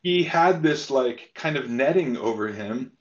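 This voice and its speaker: A man, a podcast guest, telling a personal story in a casual, halting way with lots of fillers and restarts. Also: medium pitch, expressive. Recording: slightly dull lo-fi sound.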